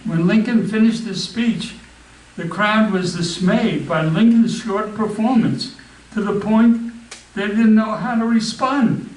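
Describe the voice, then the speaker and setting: A man giving a slow, deliberate reading of a famous speech and then a history talk, stumbling and restarting now and then. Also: sits high, a little mellow. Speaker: history club speaker. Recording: roomy, distant mic with faint background ambience.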